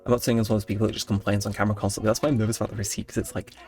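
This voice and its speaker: A man's voice: on the low side, level tone, very fast, darkish tone, soft background music. A young man telling stories in late-night gameplay commentary, rambling with mock-indignant outbursts. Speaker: gaming channel host.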